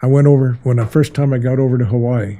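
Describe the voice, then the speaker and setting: A man's voice: medium pitch, fast talker, mellow. An older American man, a guest artist, telling rambling folksy stories in an interview. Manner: folksy rambling yarn-spinner with many restarts. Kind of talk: storytelling in an interview.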